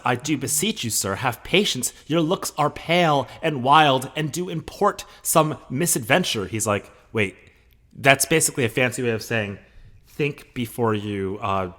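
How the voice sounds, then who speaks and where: A man's voice: on the low side, fairly bright tone. A man teaching a play, reading the lines aloud with feeling and then explaining them in casual, joking asides.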